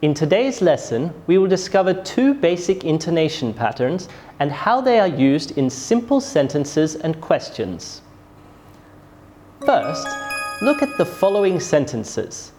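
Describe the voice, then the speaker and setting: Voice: mid-range voice, big pitch swings, a little slow, a little mellow, soft background music. A pronunciation teacher giving a scripted English lesson, modelling sentences with careful, exaggerated rises and falls. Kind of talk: scripted classroom instruction.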